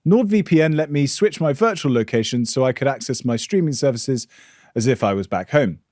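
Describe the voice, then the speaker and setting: A man hosting a podcast, explaining at a measured pace with some stammering restarts. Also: medium pitch, expressive, darkish tone, no echo, studio quality. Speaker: podcast host. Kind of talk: interview and read ad.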